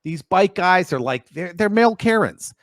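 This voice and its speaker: Wry male co-host with a lively voice. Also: sits high, normal speed, dry recording, studio quality. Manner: wry, dramatic, swings voice for quotes. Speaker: radio show co-host. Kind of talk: casual comedic radio chat. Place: radio studio.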